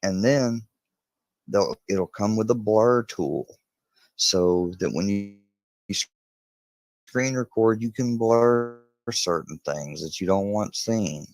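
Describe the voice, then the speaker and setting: A man's voice: on the low side, expressive, takes it slowly, a little mellow, dry recording, poor audio. A man casually chatting on a live stream in a rambling way. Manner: rambling, talks to his dog mid-stream.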